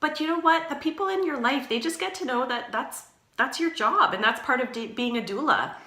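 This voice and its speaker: A woman's voice: high voice, animated, fairly quick, pushed and bright, reverberant. A woman who works as a doula, giving casual, reassuring advice and often checking in with her listener. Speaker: doula and doula trainer.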